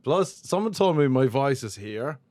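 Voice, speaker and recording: A man with an Irish accent and a deep voice, chatting casually as a comedian guest, mumbling and laughing often. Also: lively intonation, moderate pace, darkish tone, no echo. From Ireland. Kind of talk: casual chat.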